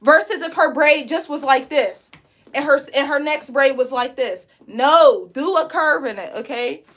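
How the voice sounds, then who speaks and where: A woman, teaching a live braiding class in a loud, chatty, encouraging way. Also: high-pitched, normal speed. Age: 20s. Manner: chatty, encouraging, reads comments aloud. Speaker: braid instructor.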